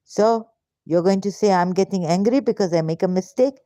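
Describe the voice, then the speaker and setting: A woman's voice: mid-range voice, fairly quick, warm tone, no echo. A woman vlogger delivering an angry, frustrated, confrontational monologue straight to her viewers. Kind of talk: ranting monologue to camera.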